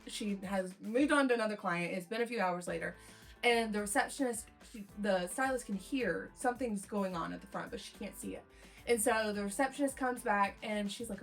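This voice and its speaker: A woman's voice: mid-range voice, brisk, soft background music. A young woman hairstylist telling a client story in a casual, rambling storytime way, acting out the quotes. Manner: rambling, chatty, acts out quotes in lively voices.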